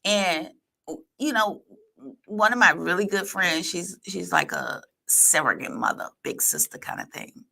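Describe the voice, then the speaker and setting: A middle-aged woman guest on a podcast, chatting casually and telling stories in a slangy, animated way with frequent laughs. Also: fairly low pitch, a little slow, creaky. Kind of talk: casual chat. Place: podcast studio.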